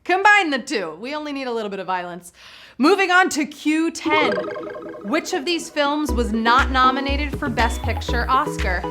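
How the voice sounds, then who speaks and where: A woman's voice: high voice, lively intonation, normal speed, bright, forceful tone, faint music behind. A woman hosting a live trivia game show, exuberant and playful, joking with the players as she reads out questions and answers.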